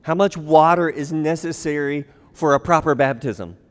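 A man's voice: on the high side, normal speed. A man preaching a sermon, acting out quoted lines in a raised voice. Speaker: pastor. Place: church sanctuary. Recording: long hall reverb.

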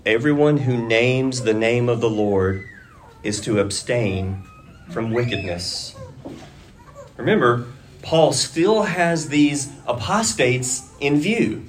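A man preaching a sermon to a congregation, deliberate and measured, rising to emphatic urging at key points. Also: medium pitch, lively intonation, slight background noise. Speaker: pastor.

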